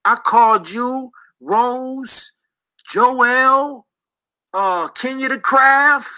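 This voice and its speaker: A man's voice: extremely high pitch, drawn-out words, sharp tone, rough recording. A man hosting a casual live stream, loose and joking, with profane banter.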